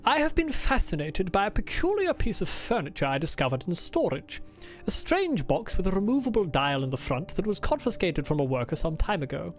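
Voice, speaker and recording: Lady doing a pompous officer guy reading his diary, stiff put-on accent, faint music behind. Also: fairly low pitch. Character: pompous, insufferable male officer keeping a diary. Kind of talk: reading a game diary aloud in character.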